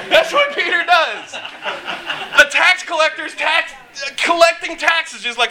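A man preaching a casual, joking sermon, acting out quotes with lively energy. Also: very high voice, extremely slow, pauses often, background noise. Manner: animated, joking, acts out quotes.

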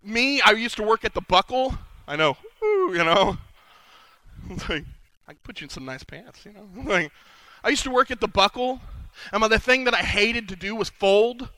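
A man with a high, very bright and forceful voice delivers a humorous sermon. He tells his stories with animation, acting out the people he quotes, and the sound is close and dry. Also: lively intonation, normal speed, no room sound. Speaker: conference speaker. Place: conference session.

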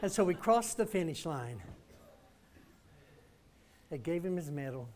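A man's voice: a little high, big pitch swings, a little slow, darkish tone, slight background noise. A man preaching in a church, telling a story and calling the congregation to respond with emphatic lines. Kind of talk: storytelling sermon.

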